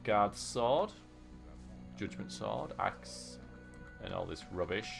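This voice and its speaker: A man's voice: fairly low pitch, lively intonation, slow pace, creaky. A man streaming a video game, chatting casually and joking with his viewers. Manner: chatty, joking, laughs often. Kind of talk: casual live-stream commentary. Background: faint game music.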